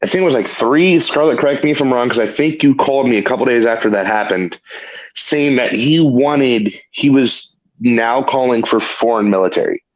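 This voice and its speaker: A man's voice: mid-range voice, normal speed, poor audio. A man hosts a casual political talk show. He rambles and stammers, starting over again and again before he gets to his point. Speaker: host.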